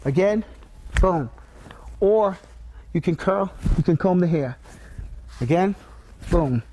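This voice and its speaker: A man with a fairly high voice leads an instructional demonstration as a martial arts instructor. He calls out drill commands and talks through blocks and strikes step by step. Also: expressive, slow, dark tone, slight background noise.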